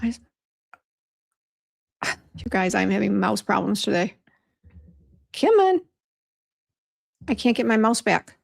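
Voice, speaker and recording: Creaky and medium-pitched, this woman speaks at a measured pace with fairly even intonation and long pauses. She's a middle-aged skincare formulator chatting directly to viewers on a casual livestream from her home office, getting flustered easily.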